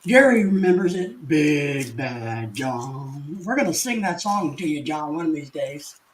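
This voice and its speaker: An older man with a fairly high-pitched voice hosts a casual live stream from home. He reads out viewer comments in a folksy, rambling way, restarting his sentences and chuckling as he goes. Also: moderate pace, slight background noise, rough recording.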